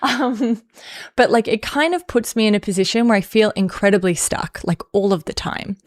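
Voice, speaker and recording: A woman's voice: mid-range voice, normal speed, no echo, studio quality. Rambling Australian woman, chatty livestream. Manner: rambling, filler-heavy, self-mocking humor. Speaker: livestream host. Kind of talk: casual livestream chat.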